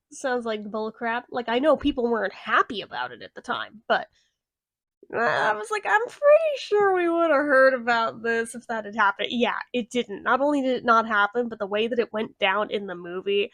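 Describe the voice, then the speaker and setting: Blunt, sarcastic woman with a higher voice. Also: dry recording, clean studio sound. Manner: blunt, sarcastic, swears freely. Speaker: movie reviewer. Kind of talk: casual spoken review.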